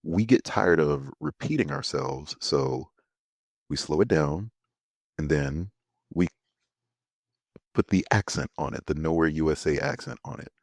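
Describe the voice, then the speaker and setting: A man from Houston, Texas co-hosting a casual podcast, animated and laughing, stretching words for emphasis. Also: rumbling low, unhurried, creaky, long pauses, dry recording. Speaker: podcast co-host.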